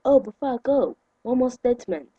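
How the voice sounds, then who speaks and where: A young man, ranting indignantly to his camera in a vlog, with sudden loud outbursts. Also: extremely high pitch, animated, fairly quick, husky, no echo, dull audio. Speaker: vlogger.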